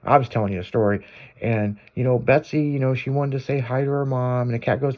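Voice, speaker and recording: A man's voice: medium pitch, fairly even intonation, fairly quick, a little mellow. A man hosting a radio show, telling stories in casual banter with crude language and frequent laughter.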